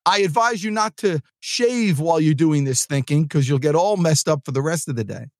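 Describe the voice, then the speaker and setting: With a voice on the high side and a slightly quick delivery, this New Jersey sales trainer hosts his podcast in an echo-free recording. His motivational talk is loose and lively, wandering and constantly restarting.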